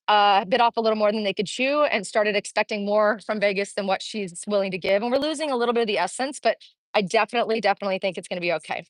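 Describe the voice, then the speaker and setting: A woman's voice: medium pitch, no echo. A woman in her forties, out of breath, chatting while she walks a street outdoors and livestreams from a handheld phone, answering viewer comments. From Kansas City, Missouri. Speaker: Las Vegas real estate vlogger. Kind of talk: live-streamed walking vlog. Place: outdoor street, in summer heat. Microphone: phone held while walking.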